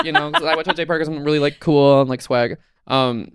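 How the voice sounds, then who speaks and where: A man in his twenties, co-hosting a podcast, spins a long, rambling story in casual conversation, leaning heavily on "like" and swearing freely. He talks very fast in a medium-pitched, slightly bright, smooth voice, recorded at studio quality with no echo.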